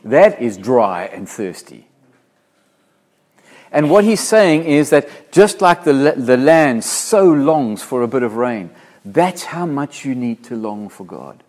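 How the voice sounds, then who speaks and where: A man from Africa who is a pastor preaching a sermon. He is earnest and emphatic, slowing down and growing louder when he quotes scripture. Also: mid-range voice, expressive.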